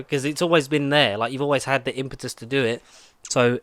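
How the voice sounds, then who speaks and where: A man's voice: medium pitch, fairly even intonation, fairly quick, a bit bright, no echo. Rambling man on a podcast. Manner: rambling, many fillers and restarts. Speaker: podcast co-host. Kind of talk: casual chat.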